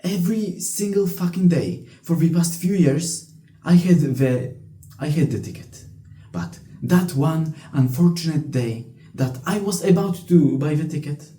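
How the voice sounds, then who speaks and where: Young man ranting, very dark tone. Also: fairly high pitch. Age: young adult. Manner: blunt, profane, frequent restarts. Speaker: vlogger. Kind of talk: casual storytelling rant. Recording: echoey room.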